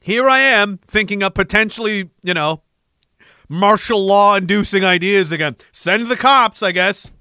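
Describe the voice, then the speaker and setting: Man, high-pitched, sharp bright tone, sarcastic profane rant, commentator. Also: a little slow, clear, resonant tone, no room sound, studio quality. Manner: sarcastic and profane, mock-salesman delivery. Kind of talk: satirical rant. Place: Canada.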